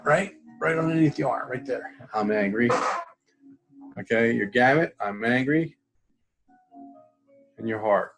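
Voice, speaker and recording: A man's voice: mid-range voice, gravelly. A man teaching a class, walking students through a tapping exercise and repeating phrases as he demonstrates. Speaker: instructor.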